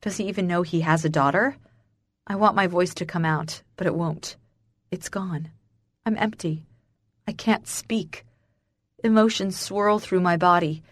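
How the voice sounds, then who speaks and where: A woman narrates a first-person romance audiobook with an emotional, breathless intimacy. Her voice sits on the low side, and the recording is dry and close with no room sound. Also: measured pace, long pauses, dry recording.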